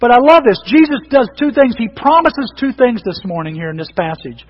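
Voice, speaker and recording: A male pastor preaching a sermon in an animated, conversational way, often restarting his sentences. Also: extremely high pitch, fairly quick, long reverb tail, muffled recording.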